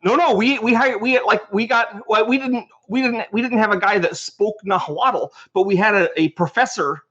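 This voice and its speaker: A game designer guesting on a podcast tells animated, rambling anecdotes, often restarting his sentences. His voice is high and slightly rough at a normal speed, and the recording sounds muffled.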